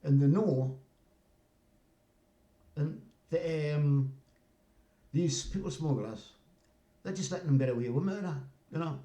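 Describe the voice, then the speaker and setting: An older man from North East England tells a meandering, casual story, regularly adding "you know what I mean." His voice is slightly high and mellow, unhurried with long pauses, and the recording carries a roomy echo.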